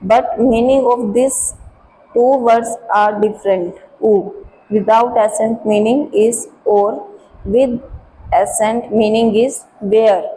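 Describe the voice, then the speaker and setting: Slow, mellow woman teaching French. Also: on the high side, fairly even intonation, a little hiss or hum, poor audio. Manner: slow, careful explaining, switching into Hindi. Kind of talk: classroom lesson.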